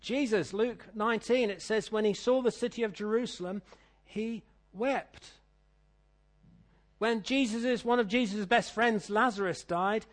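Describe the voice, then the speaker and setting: A middle-aged British man preaching a sermon, reading scripture and telling stories, swinging between loud declaiming and quiet asides. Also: high-pitched. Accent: British English. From Britain.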